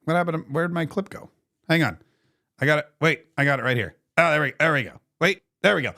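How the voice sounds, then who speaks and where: A man's voice: a little high, a little fast, creaky, pushed and bright. A man hosting a talk show, opinionated and mocking, fumbling with clips on air. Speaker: radio talk show host.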